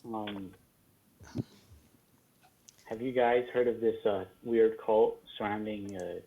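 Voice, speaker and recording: A young male player in a casual tabletop session talks in a lowish voice. He is chatty and quick to apologize. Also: fairly even intonation, muffled recording. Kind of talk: casual tabletop game chat.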